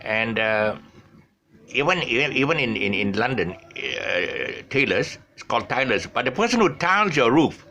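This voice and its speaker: An older man hosts his own online show, chatting casually to the camera with lots of restarts and self-corrections and chuckling at his own slips. His medium-pitched voice is very animated, pushed and bright, with a measured pace. Faint background noise sits under the recording.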